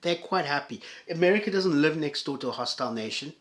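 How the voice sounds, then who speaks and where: A man ranting profanely and sarcastically as a commentator reacting to videos, loud one moment and muttering the next. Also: mid-range voice, animated, fairly quick, hardly any pauses. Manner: angry, sarcastic and profane, with swings in loudness.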